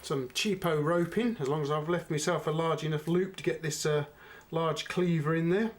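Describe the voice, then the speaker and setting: A man's voice: a little high, normal speed. A middle-aged man, chatting unhurriedly to viewers as he reviews a knife. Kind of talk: casual product review.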